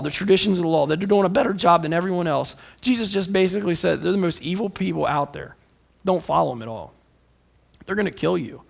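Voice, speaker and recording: Gravelly high-voiced male preacher. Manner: animated storytelling, swings between emphatic and hushed. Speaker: pastor. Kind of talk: sermon.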